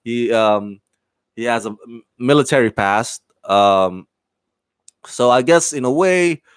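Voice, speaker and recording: A man's voice: mid-range voice, takes it slowly, smooth, no echo. A man giving a casual spoken review of a TV show, enthusiastic and rambling, with many fillers, restarts and laughs.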